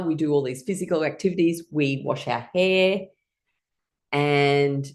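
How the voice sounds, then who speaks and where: A deep-voiced middle-aged woman leads a guided laughter exercise class, playfully laughing often as she guides rhythmic ha-ha chants.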